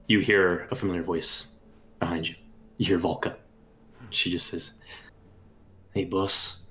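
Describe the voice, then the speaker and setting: A man narrating a tabletop game as game master, calm and descriptive. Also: deep voice, a little hiss or hum.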